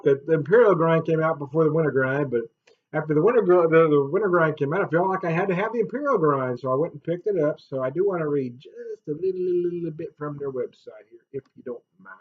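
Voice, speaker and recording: Jokey, laughing beer-review vlogger man. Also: dull audio. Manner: chatty and jokey, laughs often, swings up loud and high. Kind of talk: casual beer review vlog.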